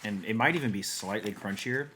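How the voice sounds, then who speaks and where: A young man co-hosting a snack-tasting podcast, talking in an animated, playful way and quick to joke. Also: fairly low pitch, very noisy. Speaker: podcast co-host. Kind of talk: casual snack-tasting chat.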